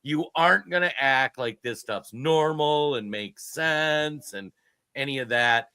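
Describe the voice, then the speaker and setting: A fifty-year-old man co-hosting a casual political podcast, talking in an excitable, joking and emphatic way. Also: mid-range voice, measured pace, clean tone, no room sound. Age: 50s. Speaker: podcast co-host.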